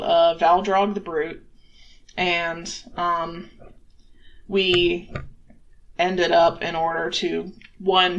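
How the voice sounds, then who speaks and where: Player voicing a guilt-ridden elf adventurer, rambling, lots of fillers, mid-pitched, tabletop role-play. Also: slight background noise, close to an everyday voice, low-quality recording.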